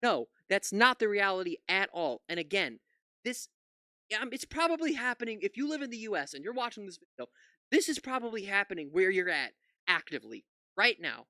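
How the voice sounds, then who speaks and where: A man's voice: high voice, very animated, fairly quick, pushed and bright, dry recording, clean studio sound. A man giving reaction commentary on a news clip, ranting with profanity and incredulous outbursts. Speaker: political commentary YouTuber.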